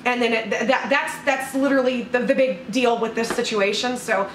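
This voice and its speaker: A woman's voice: on the high side, normal speed, reverberant, far from the mic, a little hiss or hum, rough recording. A woman hosting, giving gossipy casual commentary before playing a clip. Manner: chatty and gossipy. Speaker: host introducing clips.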